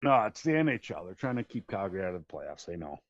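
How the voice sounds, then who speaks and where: A man with a fairly low voice chats casually about sports, half joking and half grumbling. The recording is dry and a bit dull. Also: very animated, quick pace, dry recording. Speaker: podcast co-host.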